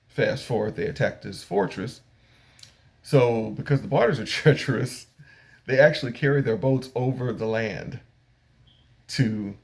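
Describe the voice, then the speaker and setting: A man's voice: lowish voice, vocal fry. An older man casually recapping an anime episode, rambling along with frequent fillers. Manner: rambling retelling with frequent fillers and acted-out paraphrases. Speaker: anime reviewer.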